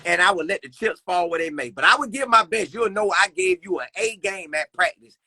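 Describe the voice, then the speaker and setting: A man's voice: high voice, big pitch swings, fairly quick, vocal fry, pushed and bright, no room sound. A young man talking earnestly about faith as a podcast guest, repeating phrases in a preacherly way. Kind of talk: casual faith conversation.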